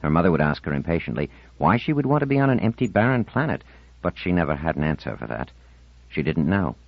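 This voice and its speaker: A man narrating an audiobook in expressive storytelling fashion, close to the mic. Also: low voice, quick pace, gravelly, no echo. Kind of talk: scripted narration. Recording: dull lo-fi audiobook recording.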